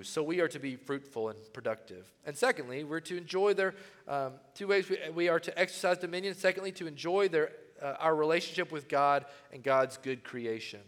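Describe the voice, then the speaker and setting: A man preaching a sermon as pastor, animated, swinging between loud emphatic phrases and hushed ones. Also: a little high, brisk, big-room sound.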